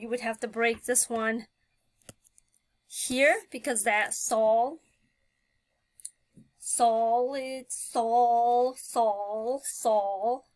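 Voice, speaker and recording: A woman's voice: fairly high pitch, no room sound. A woman teaching a phonics lesson, talking patiently and thinking aloud with many fillers.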